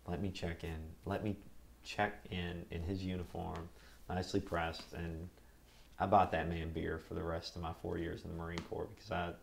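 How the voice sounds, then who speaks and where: A young man, a Marine veteran, telling his service stories in an oral history interview in a relaxed, rambling way. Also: low-pitched, creaky, slight background noise.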